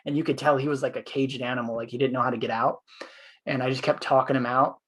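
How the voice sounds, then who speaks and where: This former police officer co-hosts a podcast, spinning a lengthy story in casual talk with plenty of fillers and rambling. He speaks quickly in a medium-pitched voice with fairly even intonation and a breathy edge.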